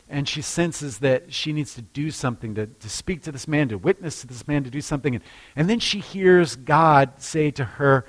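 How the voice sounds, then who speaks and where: A male pastor in the middle of a sermon, telling a story in a lively, conversational way. He stumbles into quick restarts and lifts his voice when he acts out the people in the story. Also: mid-range voice. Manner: lively storytelling, acting out quotes, frequent restarts.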